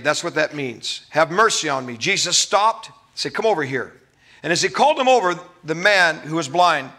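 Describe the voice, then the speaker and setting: A man's voice: fairly high pitch, sharp tone. A man preaching a sermon as a pastor, emphatic and stretching key words.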